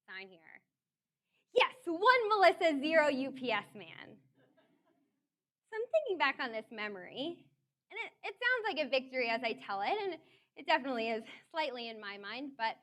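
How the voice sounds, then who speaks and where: A young woman tells a personal story to a live audience. Her voice sits high and swings widely in pitch, full of animated energy. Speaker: speaker.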